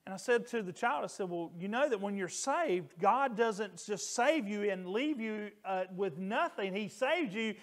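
Earnest high-voiced male pastor preaching. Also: lively intonation, a little slow, hardly any pauses. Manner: earnest, emphatic, raises voice on quoted screams. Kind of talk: sermon storytelling.

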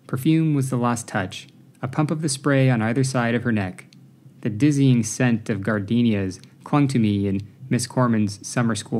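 A man reading an audiobook, narrating in a measured, even way. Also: mid-range voice. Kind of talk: scripted narration.

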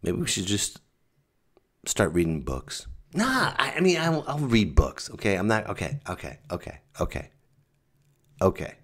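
A man hosting his own comedy podcast, ranting sarcastically, swinging from mutters to loud outbursts. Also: lowish voice, huge pitch swings, unhurried. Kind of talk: stand-up style podcast rant.

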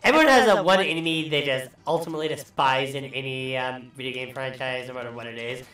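A man's voice: mid-range voice, quick pace, a bit bright, recorded from a distance. A man hosting a let's play, joking and swearing through casual gameplay commentary. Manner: profane, rambling, joking. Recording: echoey room, voice off mic, faint music.

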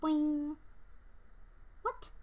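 A young woman commenting on her own game play, excitable, yelping and squealing at times, then dropping to whispers. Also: sits high, very slow, a little hiss or hum. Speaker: gamer.

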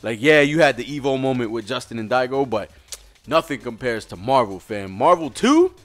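A young man excitedly reacting to gaming news in a profane, hyped rant from home at night. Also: mid-range voice, normal speed. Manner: hyped, profane, shouting and laughing. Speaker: gaming vlogger.

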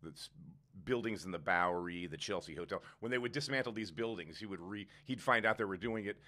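A man in his sixties, a chef guest in a casual podcast interview, telling animated stories. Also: fairly quick. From United States. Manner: animated storyteller, jumps up in pitch when indignant.

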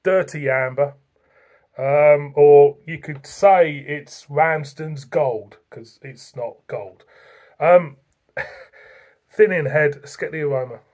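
A beer reviewer with an English accent, chatting casually through a video tasting in an unhurried way and repeating phrases. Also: mid-range voice, darkish tone.

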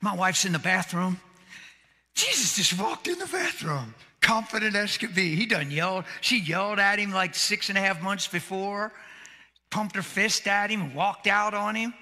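High, sharp-voiced man preaching in a hall. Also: expressive, normal speed. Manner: folksy, swings from loud shouts to hushed near-whispers; plain colloquial grammar. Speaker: pastor. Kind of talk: sermon. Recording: echoey hall.

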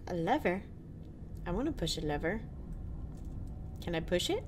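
A woman's voice: on the low side, sing-song, normal speed, a little hiss or hum. A woman hosting a let's play, giving casual commentary with wry asides to viewers.

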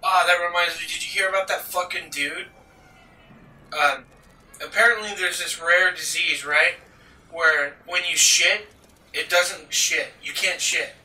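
A man's voice: fairly high pitch, fairly even intonation, unhurried, pushed and bright. A young man hosting a let's play, rambling and joking with lots of swearing over his gameplay. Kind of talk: casual gaming commentary. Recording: roomy distant mic, game music behind.

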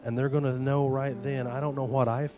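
Earnest youth pastor preaching. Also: male voice, medium pitch, little pitch movement, brisk, over music. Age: 40s. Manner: earnest folksy preaching, retelling stories with quoted dialogue. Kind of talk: sermon.

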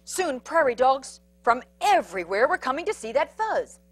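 A woman storyteller reading a picture book aloud to children, animated, with sound effects and asides about the pictures. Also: high voice, normal speed.

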